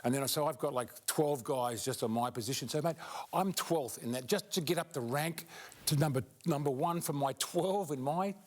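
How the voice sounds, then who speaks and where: A man's voice: a little high, normal speed. Australian man, panel guest, blunt and matey, stop-start delivery. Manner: blunt, matey, repeats words and starts over. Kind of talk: casual panel chat.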